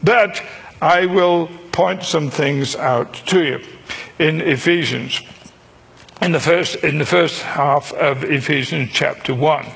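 Guy preaching a sermon, kinda high voice, raspy, slow and deliberate, repeats stuff for emphasis. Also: a bit bright. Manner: slow, deliberate teaching with dry humor; emphatic repetition of key phrases.

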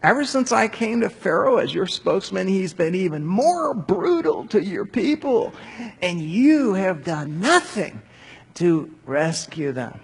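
A man's voice: high-pitched, big pitch swings, a little slow, creaky, breathy edge, voice pushed up, full character voice. A man voicing an anguished prophet who protests to God with pleading questions. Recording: long hall reverb.

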